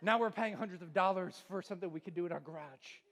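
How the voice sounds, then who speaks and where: A man's voice: high voice, fast talker, a bit bright. A pastor in his forties giving a humorous sermon, joking, quizzing the crowd and laughing often. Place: large church auditorium. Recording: long reverb of a church hall.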